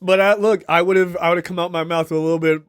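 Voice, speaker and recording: A young man co-hosting a casual film review podcast, animated and quick to laugh as he acts out scenes. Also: sits high, smooth, dry recording, clean studio sound. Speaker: podcast co-host.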